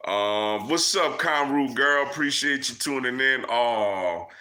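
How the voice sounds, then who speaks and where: A man's voice: medium pitch, animated, takes it slowly, bright, forceful tone. Laid-back man hosting a live chat. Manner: loose and conversational, many fillers like "man" and "yo". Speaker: livestream host answering chat.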